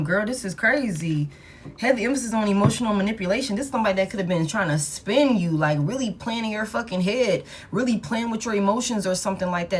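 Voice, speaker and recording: A woman's voice: mid-range voice, slight background noise. A woman giving a casual tarot reading, talking bluntly and with profanity, and repeating key lines for emphasis. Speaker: tarot reader.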